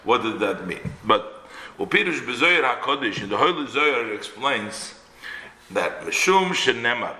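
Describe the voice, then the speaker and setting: A man's voice: mid-range voice, bright, forceful tone. A man teaching a religious text line by line, reading each phrase in Hebrew and then explaining it in English, often restarting his sentences. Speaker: Torah teacher. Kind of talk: line-by-line text study lecture. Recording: roomy echo.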